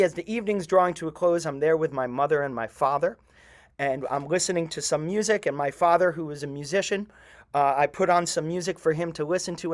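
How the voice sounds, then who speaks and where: Middle-aged guy telling a personal story to a crowd, slightly high voice, earnest, lots of pauses. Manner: earnest, halting, with many pauses. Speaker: storyteller at a community event. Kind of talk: personal storytelling to a live audience.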